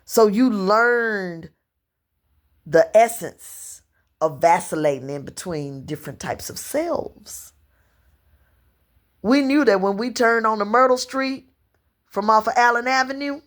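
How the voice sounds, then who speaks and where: A woman in her fifties from Louisiana with a Southern accent, telling long personal stories to camera in an unhurried, rambling way. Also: mid-range voice, animated. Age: 50s. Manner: unhurried storytelling, drawn-out phrasing, slips into dialect and quoted voices. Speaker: vlogger.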